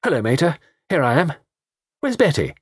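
A man's voice: a little high, sing-song, normal speed, breathy edge, no echo, studio quality, voice pushed up. A man voicing a brash, impatient young man. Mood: breezy. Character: petulant, infatuated young Englishman.

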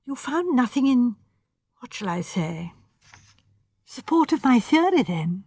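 A woman reading the part of an elderly genteel spinster sleuth, gentle and hesitant. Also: a little high, very animated, measured pace, slightly rough, dry recording, clean studio sound, heavily acted. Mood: anxious. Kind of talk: audiobook character voice.

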